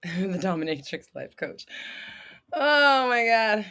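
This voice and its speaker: A woman's voice: medium pitch, sing-song, takes it slowly, sharp tone. A woman in her thirties hosting a livestream, answering viewers' questions with blunt, swearing, dramatic outbursts and laughter. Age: 30s. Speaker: host.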